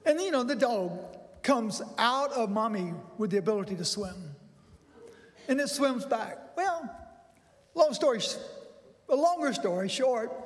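An older man preaching a sermon, telling a folksy personal story that builds to excited bursts. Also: very high-pitched. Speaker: pastor. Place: church sanctuary. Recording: long reverb in a large hall.

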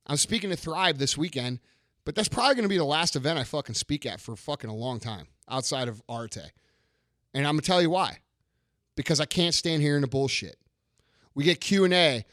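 A man's voice: a little high, dry recording, studio quality. Blunt, profane man ranting. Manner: blunt, profane, forceful, repeats lines for emphasis. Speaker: podcast host. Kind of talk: profane motivational rant.

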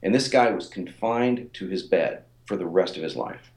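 A man's voice: sits low, normal speed, a little mellow, echoey room. A man in his forties, a fitness author and coach, telling stories in a casual interview with many fillers and repeated words. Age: 40s.

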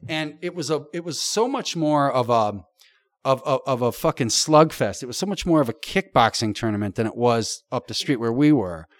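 A man's voice: mid-range voice, expressive, normal speed, no echo. Middle-aged man, improviser, casual chat, colorful swearing, dry close sound. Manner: vivid, profane storytelling with colorful comparisons. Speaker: podcast guest.

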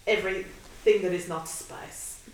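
A podcast co-host chats casually while recapping an episode, laughing often and acting out quotes. Her lowish voice is steady and unhurried. The room is echoey and the mic distant.

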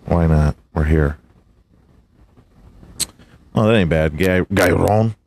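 Slow, swearing podcast guy. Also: sits low, gravelly, darkish tone. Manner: profane, laughing, sounding out hard names. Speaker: podcast host. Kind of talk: casual solo podcast.

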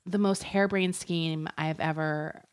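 Woman podcast host, lower register, casual storyteller, giggly and loose, swears now and then. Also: fairly even intonation, a little slow, clear, resonant tone. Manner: chatty and giggly, swears, uses lots of fillers. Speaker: podcast co-host telling a true crime story. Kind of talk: casual chat.

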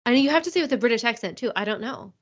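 A woman's voice: fairly high pitch, lively intonation, racing, a bit bright, lo-fi sound. A woman co-hosting a podcast in easygoing, casual book chat, often filling her talk with "like" and "right?". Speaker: podcast co-host.

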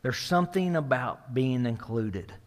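Long hall reverb fills this recording from a church sanctuary, where a middle-aged pastor preaches in a conversational way. He checks in with the room with "right?" and builds intensity as he retells a story. His mid-range voice is expressive and a little slow.

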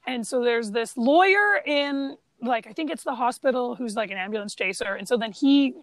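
A woman's voice: on the high side, moderate pace, dry recording. A woman co-hosting a casual movie podcast, quizzing her co-host and retelling film scenes. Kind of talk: casual chat about movies.

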